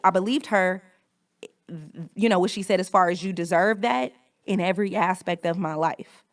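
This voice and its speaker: A woman in her thirties with a lowish voice talks through her own story on a podcast. She is candid and reflective, and she swears freely. The sound is close and dry, with no room around it. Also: fairly even intonation, moderate pace, dry recording. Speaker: podcast host. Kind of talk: personal storytelling monologue.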